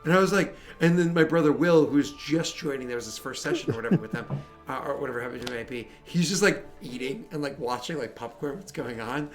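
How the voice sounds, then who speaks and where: A man's voice: mid-range voice, fast talker, soft background music. A man running a tabletop game, chatting casually and telling a story with lots of swearing and acted-out reactions. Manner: animated storytelling, swears freely, acts out friends' reactions. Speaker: game master. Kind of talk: casual chat.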